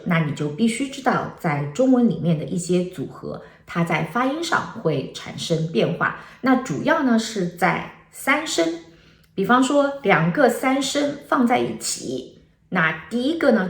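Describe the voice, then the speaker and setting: A woman teaches an online language lesson. Her low voice has a gravelly edge. She walks through each point patiently in an echoey room. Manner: switches between English and Mandarin, explaining tones step by step. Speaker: Mandarin teacher.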